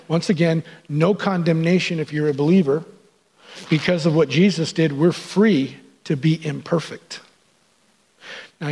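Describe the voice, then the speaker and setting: A man's voice: on the high side, gravelly, a little mellow, breathy edge. A man preaching a sermon in an earnest, conversational way, acting out quotes as he goes. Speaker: pastor.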